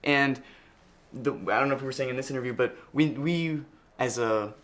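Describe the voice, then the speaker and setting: A man's voice: medium pitch, a bit bright. A young male actor in a press interview, talking in a loose, rambling way full of fillers and restarts. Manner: rapid, rambling, lots of likes and restarts.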